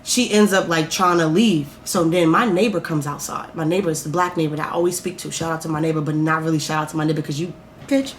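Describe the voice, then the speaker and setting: A woman's voice: deep voice, fairly even intonation, fast talker, a little hiss or hum. A woman vlogger telling a story in a candid, profane, rambling way, full of fillers. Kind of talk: casual storytime.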